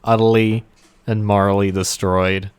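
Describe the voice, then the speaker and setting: A man co-hosting a podcast, telling jokes in casual chat, animated and swearing. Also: lowish voice, unhurried, smooth. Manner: animated storyteller, swearing, laughs at his own jokes. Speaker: podcast co-host.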